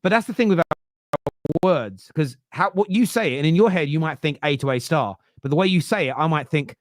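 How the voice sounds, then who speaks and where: A man's voice: fairly high pitch, animated, fairly quick, no room sound, clean studio sound. A man with a Southern English accent hosting a football podcast, thinking aloud with frequent restarts and making a case point by point. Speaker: podcast host. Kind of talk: casual chat.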